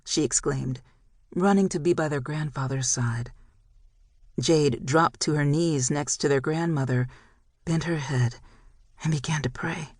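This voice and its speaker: An audiobook narrator reading a dramatic romance novel in a measured storytelling style. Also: medium pitch, a little mellow, dry recording, studio quality. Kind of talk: scripted narration.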